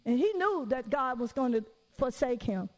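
A woman's voice: high-pitched, animated, normal speed, big-room sound. A middle-aged woman preacher giving a conversational sermon, telling stories, acting out what people said and adding joking asides. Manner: storytelling, acts out quoted voices, joking asides.

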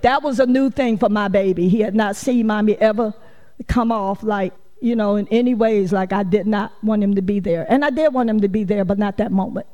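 A woman's voice: mid-range voice, brisk, mellow, big-room sound, highs cut off. A woman preaching a folksy, conversational sermon, acting out quotes and laughing often. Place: church sanctuary.

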